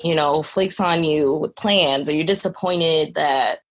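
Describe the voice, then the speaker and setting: A woman's voice: deep voice, unhurried, a bit bright. A young woman who is a podcast guest, telling a personal story in a candid, earnest way with lots of conversational fillers.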